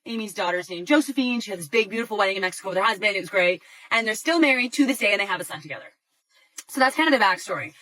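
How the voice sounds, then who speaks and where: A young woman casually narrating a gossipy story, animated and chatty, with lots of "like". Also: medium pitch, rapid-fire, no room sound, poor audio.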